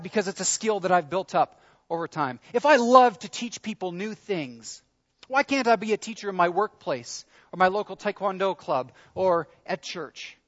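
A man's voice: high-pitched, a bit bright, lo-fi sound. A man preaching a sermon in an earnest, conversational way, leaning into his questions. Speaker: pastor.

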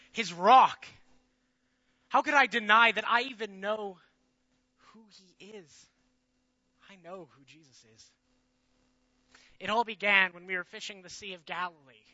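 A man playing the disciple Peter in a dramatic biblical monologue, earnest and shifting from loud to hushed. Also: high voice, muffled recording, exaggerated voice. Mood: remorseful.

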